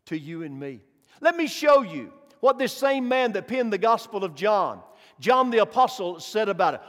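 A man's voice: sits high, fairly bright tone. A man preaching a sermon as pastor, telling stories and building to emphatic preaching. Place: church sanctuary. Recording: long reverb of a large hall.

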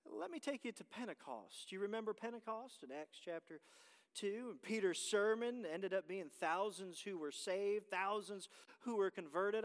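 High-voiced preacher swinging hushed to loud. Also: male voice, in a large hall. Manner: swings from hushed to shouting, sings hymn lines. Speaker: pastor. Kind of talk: sermon.

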